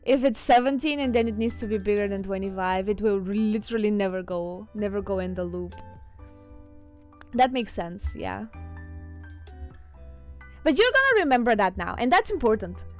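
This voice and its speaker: A woman's voice: mid-range voice, expressive, normal speed, pauses often. A woman streamer with a non-native English accent, chatting casually with her viewers, giggling often as she reads chat. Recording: faint music behind.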